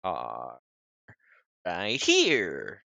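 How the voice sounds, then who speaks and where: A man's voice: deep voice, wildly swooping pitch, drawn-out words, vocal fry, pushed and bright, dry recording. A man running a tabletop game as game master, chatty and prone to repeating words.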